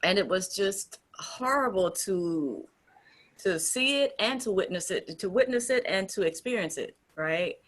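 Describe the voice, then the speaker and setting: A woman's voice: mid-range voice, expressive, a little slow, a bit bright. A woman co-hosting a casual discussion, talking in an earnest, emphatic way with frequent restarts. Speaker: group founder and co-host.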